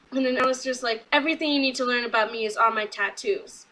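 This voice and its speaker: Young female reviewer, casual recap, high-pitched and bright, excitable, acts out quotes. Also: low-quality recording. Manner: chatty and excitable, quoting people in quick asides. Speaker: wrestling show reviewer.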